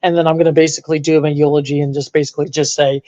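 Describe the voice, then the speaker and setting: A man co-hosting a casual sports podcast, animated and prone to bursts of mock outrage. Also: fairly high pitch, racing, few pauses. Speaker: podcast co-host.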